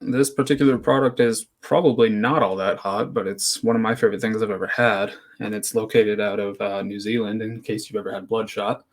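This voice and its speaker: A man's voice: fairly low pitch, fairly even intonation, a little fast, few pauses. A man as an interview guest, easygoing and hesitant, with many ums and you-knows. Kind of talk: casual interview chat.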